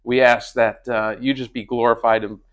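A man's voice: medium pitch, moderate pace, lo-fi sound. Man hosting a faith podcast. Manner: chatty, relaxed, leads the prayer. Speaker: podcast host. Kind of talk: casual chat and prayer. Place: cruise ship.

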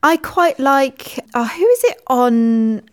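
A woman co-hosting a podcast in casual chat, enthusiastic and a little halting, with small laughs between her words. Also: high-pitched, big pitch swings. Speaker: podcast co-host.

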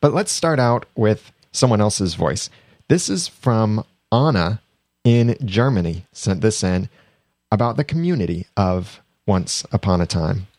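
A man's voice: lowish voice, expressive, measured pace, darkish tone, no echo. A man hosting a podcast in a chatty, casual way, reading sponsor plugs and laughing often. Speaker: podcast host.

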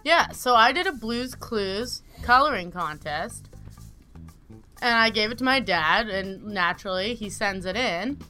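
A woman in casual podcast chat, telling a childhood story with animated energy. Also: mid-range voice, unhurried, soft background music.

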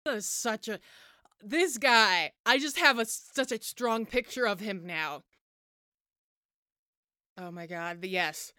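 A woman's voice: mid-range voice, slow, pauses often, no room sound, studio quality. A woman co-hosting a tabletop role-play podcast, talking playfully with stumbling restarts and bursts of yipping. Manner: playful, loud animal noises, stumbling restarts. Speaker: podcast co-host and player.

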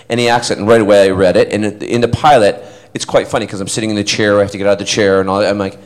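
A man with a lowish voice tells a casual story to a convention audience. His delivery is rambling and animated, and he breaks into quoted voices and laughs. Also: rapid-fire, low-quality recording. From Scotland. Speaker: actor telling a story to fans.

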